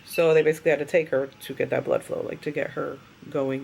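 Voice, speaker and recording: A worn-out young woman rambles through a story in a relaxed vlog, piling on fillers as she goes. Her voice has a gravelly edge. Steady noise sits behind her. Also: sits low, fast talker. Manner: chatty, rambling with many fillers. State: tired and drowsy after surgery. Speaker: vlogger.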